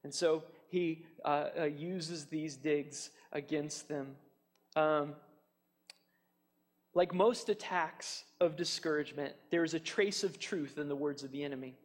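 A man preaching a sermon, animated and chatty, acting out taunts with fillers and restarts. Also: on the high side, unhurried, long reverb tail. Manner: animated, mocks enemies' taunts in a raised voice. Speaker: pastor.

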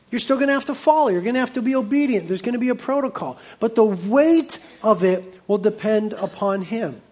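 High-voiced man preaching. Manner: lively preaching, reading scripture aloud, warm asides. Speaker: pastor. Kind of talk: sermon.

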